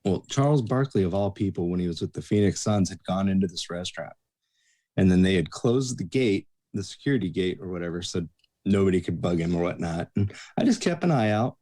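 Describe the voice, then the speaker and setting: A man's voice: deep voice, a little fast. A man, a bouncer and bartender, telling casual anecdotes on a podcast and acting out the voices of the people in them. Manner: lively storyteller acting out quoted voices.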